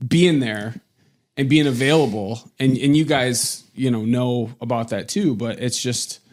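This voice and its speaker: A man's voice: medium pitch, a little slow. A man in a casual roundtable conversation, speaking in an encouraging way and tripping over repeated words.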